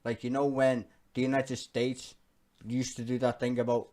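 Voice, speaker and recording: A man's voice: mid-range voice, level tone, normal speed, mellow. A man giving ranting political reaction commentary, profane, heated and emphatic, often laughing as he talks. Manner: laughs often while talking.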